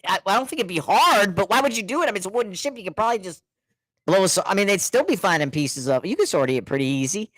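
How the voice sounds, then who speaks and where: A man's voice: high voice, rapid-fire, no room sound, low-quality recording. Laughing man telling sea stories. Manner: animated storyteller, acts out quotes, laughs often. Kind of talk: casual storytelling chat.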